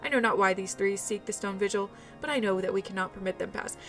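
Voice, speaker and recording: A woman's voice: mid-range voice, lightly acted. A woman reading a pompous inquisitor. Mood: scornful. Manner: grandiose, rapid speechmaking. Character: pompous scheming male inquisitor. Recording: faint music behind.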